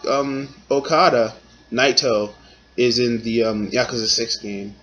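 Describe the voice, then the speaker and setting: A man's voice: medium pitch, steady tone, measured pace, a bit bright, soft background music, low-quality recording. A man giving casual, rambling commentary on his favorite wrestlers, talking in slang and filling gaps with "like" and "um". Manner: laid-back, slangy, rambling with fillers.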